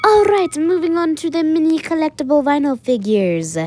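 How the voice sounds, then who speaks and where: A woman's voice: high-pitched, animated, normal speed, noisy background, pitched above the performer's own voice. A woman putting on a showy foreign accent while announcing the next toys.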